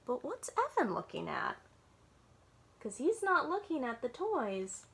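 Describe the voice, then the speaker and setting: A woman librarian reads a picture book aloud to young children in a sing-song way. Her voice sits a little high and rises and falls a lot. She takes her time and often stops to ask her little listeners questions. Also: huge pitch swings, unhurried, creaky, a bit bright.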